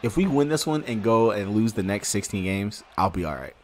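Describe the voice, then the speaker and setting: Excitable low-voiced male gaming streamer. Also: a little fast, a little hiss or hum. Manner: excitable, slangy, cheers and groans at the game. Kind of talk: casual live gameplay commentary.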